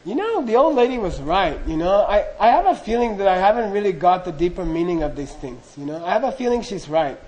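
A self-assured monk scholar boasting of his learning in a fairly high voice, as a male storyteller acts him out. His manner is proud and matter-of-fact. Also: very animated, fairly quick, hardly any pauses, a little mellow, rough recording. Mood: earnest. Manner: boastful, then doubtful.

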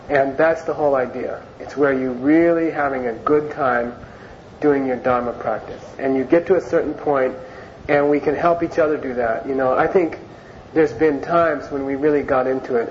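A man teaching an informal Buddhist class in a chatty, unhurried way, restating key words so they sink in. His voice sits in a middle range. The recording is muffled and lo-fi, with a soft hiss underneath. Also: mid-range voice. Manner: conversational, repeats words and phrases for emphasis. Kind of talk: informal Dharma class lecture. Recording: dull lo-fi recording with faint hiss.

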